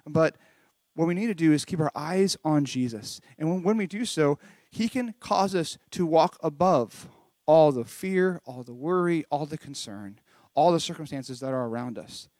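A man's voice: fairly high pitch, expressive, moderate pace, darkish tone. A man with a slightly raised voice gives a children's Bible lesson in an earnest, conversational tone. He retells the story with little restarts. The sound is dry and close, with no room echo. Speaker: children's church pastor. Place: home recording during lockdown.

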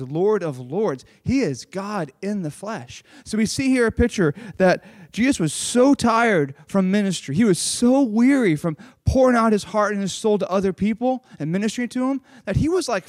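A man giving a lively children's sermon, reading a Bible passage and retelling it in casual, animated storytelling with lots of "like". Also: sits high, dry recording, clean studio sound. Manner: casual, uses "like" often. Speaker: children's pastor.

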